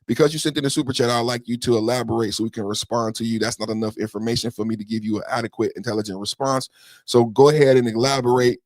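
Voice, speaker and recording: A man's voice: mid-range voice, steady tone, quick pace, no echo. Heated, profane male podcast ranter. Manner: heated, profane, repeats rhetorical questions. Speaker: podcast host. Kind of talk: political reaction rant.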